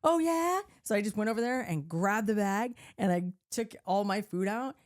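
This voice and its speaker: A woman co-hosting a podcast tells a story in a lively voice that leaps up and down in pitch. She laughs often, swears casually and acts out her own lines with gusto. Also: moderate pace. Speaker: podcast co-host. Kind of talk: animated storytelling.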